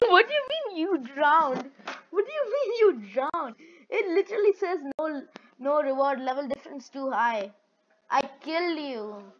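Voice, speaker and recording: A woman's voice: high-pitched, sing-song, moderate pace, dull audio. A young woman chatting casually while playing an online game, trading playful trash talk with a friend and laughing often. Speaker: gaming video creator. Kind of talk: casual gameplay commentary.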